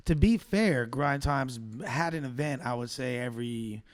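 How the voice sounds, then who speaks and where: A man co-hosting a casual podcast as a guest battle rapper, joking and assertive and quick to cut in with retorts. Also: medium pitch.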